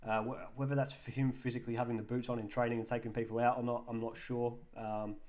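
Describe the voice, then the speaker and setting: A man's voice: medium pitch, flat delivery, fast, a little mellow. An English man hosting a live football chat stream, casually reading out viewer comments and answering them. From England.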